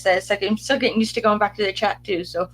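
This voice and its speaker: A woman from Utah co-hosting a casual streamed chat, chatty and upbeat with quick asides. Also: mid-range voice, fairly even intonation, husky, rough recording. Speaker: podcast co-host.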